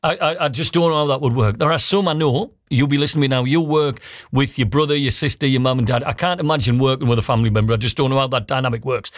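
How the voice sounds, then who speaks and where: A man's voice: mid-range voice, dry recording, studio quality. A man hosting a breakfast radio show, chatting casually and joking with listeners.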